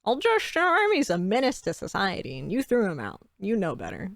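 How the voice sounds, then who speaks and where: A woman's voice: medium pitch, wildly swooping pitch, brisk, creaky, a bit bright, dry recording, studio quality, heavily acted. A woman voicing a motherly innkeeper who talks in a folksy, doting way. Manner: folksy, doting, calls people hon. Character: motherly middle-aged innkeeper woman, homey.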